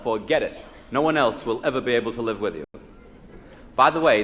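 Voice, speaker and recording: Lively joking male lecturer in a hall. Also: mid-range voice. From United States. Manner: joke-telling, quizzing the audience with rhetorical questions. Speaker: psychologist lecturer. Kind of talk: humorous live lecture. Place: lecture hall before an evening audience. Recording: 1961 live lecture LP with hall reverb and faint noise.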